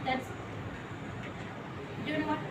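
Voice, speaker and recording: A young woman with an Indian English accent, a senior student earnestly giving speaking tips to younger classmates, with many fillers. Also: slow. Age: young adult. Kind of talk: classroom talk to juniors. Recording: distant, echoey, loud room noise.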